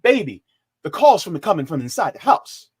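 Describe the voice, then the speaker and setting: A man's voice: a little high, sing-song, moderate pace, a little mellow, breathy edge. A man co-hosting a political talk stream, speaking casually and emphatically with slang. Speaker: co-host. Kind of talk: political talk show commentary.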